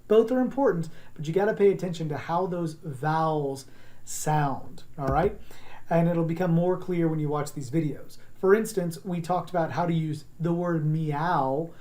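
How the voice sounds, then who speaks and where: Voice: mid-range voice, moderate pace, dark tone. A teacher giving a recorded class lesson on accents, talking in an encouraging, conversational way and showing sounds.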